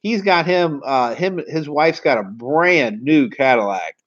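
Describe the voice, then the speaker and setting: A man, telling car sales stories in a casual, animated, slangy way. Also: on the high side, measured pace. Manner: animated, slangy, acts out quoted voices. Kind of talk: casual storytelling. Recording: slightly dull lo-fi audio.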